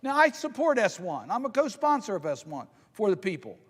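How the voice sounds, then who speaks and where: An older man from Maryland giving a measured, emphatic Senate floor speech, slowing down to stress key points. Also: high voice, big pitch swings, in a large hall. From Maryland, United States. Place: large legislative chamber.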